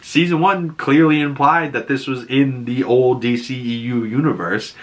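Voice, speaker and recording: A man's voice: medium pitch, fairly even intonation, moderate pace. A man casually recapping a show episode, rambling and loose, with lots of likes and swearing.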